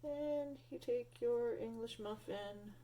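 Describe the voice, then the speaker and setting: A woman's voice: fairly high pitch, takes it slowly, warm tone. A woman filming a casual home cooking video in her kitchen on a phone, chatty and rambling, with lots of fillers. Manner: chatty, rambling, laughs often, many fillers. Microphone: phone camera.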